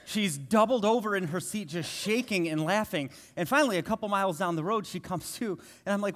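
Guest preacher, man, 30s, slightly high voice, self-mocking humor, easy conversational delivery. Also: a little fast, few pauses, a bit bright. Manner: joking, self-deprecating storyteller. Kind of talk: conversational sermon.

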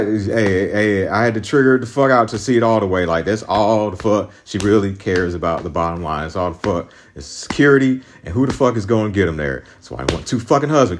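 A man's voice: on the low side, animated, quick pace. Profane, rambling man venting. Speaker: podcast host. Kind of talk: solo venting monologue.

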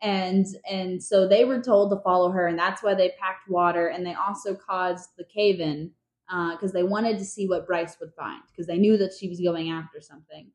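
A woman's voice: on the low side, fairly even intonation, moderate pace. A young woman casually recapping book chapters on a podcast, chatty and full of fillers, laughing often. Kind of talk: casual chat. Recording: echoey room.

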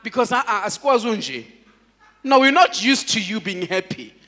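A man, a pastor, preaching a sermon in an animated way, laughing often and calling out to his congregation. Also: sits high, normal speed, long reverb tail.

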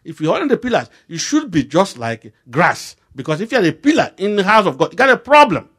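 A Nigerian-accented man delivers a sermon with a fairly high-pitched voice. He talks animatedly, dropping low and quiet and then surging into loud, emphatic bursts, and he acts out conversations as he preaches. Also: big pitch swings, fairly quick, slightly rough. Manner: acts out back-and-forth dialogues while preaching.

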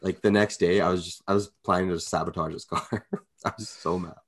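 A man's voice: sits low, brisk. A man in casual podcast chat, telling stories with frequent laughs. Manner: laughs often, lively storytelling. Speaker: podcast co-host.

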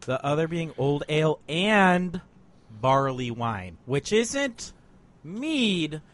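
A man's voice: a little high, big pitch swings, takes it slowly. A young man co-hosting a casual beer review podcast, rambling, swearing casually and laughing between thoughts. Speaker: podcast co-host reviewing beers. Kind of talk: casual chat.

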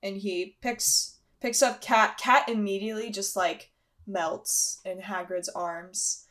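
A woman's voice: mid-range voice, fairly even intonation, takes it slowly, fairly bright tone. A woman narrating a tabletop role-playing game as game master, chatty and casual, with many fillers.

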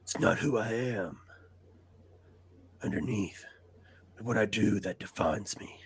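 A man doing an impression of a gruff male caped crusader in a low, gravelly, half-whispered growl. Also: unhurried, heavily acted. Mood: brooding.

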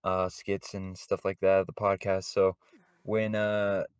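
A man's voice: low voice, completely flat delivery, unhurried, smooth, dry recording. A man hosting a casual podcast chat, rambling with many fillers and chuckling often. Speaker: podcast host.

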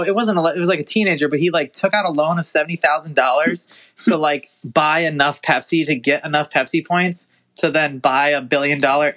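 A man's voice: a little high, fairly bright tone. A young man hosting a podcast, chatting casually, rambling with lots of fillers and swearing. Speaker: podcast host. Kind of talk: casual profane chat.

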